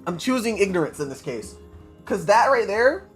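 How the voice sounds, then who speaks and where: A man's voice: high voice, sing-song, moderate pace, soft background music. An American man reading a story aloud on a livestream, stumbling over words and breaking off to comment on them. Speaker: streamer.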